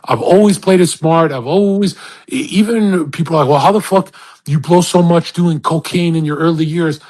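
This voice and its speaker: A man's voice: on the high side, moderate pace, darkish tone. A man hosting a live audio chat room, boasting and ranting crudely in a rambling way, with many restarts and acted-out quotes.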